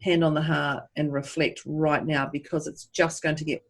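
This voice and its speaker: A woman's voice: low voice, flat delivery, normal speed. A woman co-hosting a podcast in casual chat, acting out inner voices as she talks. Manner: chatty, acts out inner voices, calls listener love. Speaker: podcast co-host.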